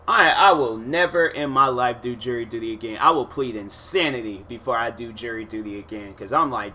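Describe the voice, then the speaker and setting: Animated, exasperated male podcast host. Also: mid-range voice, fairly quick. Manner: animated, exasperated retelling with quoted asides; casual slangy speech with many fillers. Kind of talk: casual storytelling monologue.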